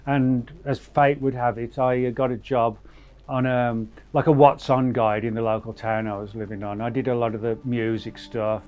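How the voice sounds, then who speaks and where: A man's voice: medium pitch, level tone, moderate pace, darkish tone. A man interviewed for a documentary, talking in a modest, hesitant way. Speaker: researcher interviewee. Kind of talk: casual interview talk. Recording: dull, muffled interview audio.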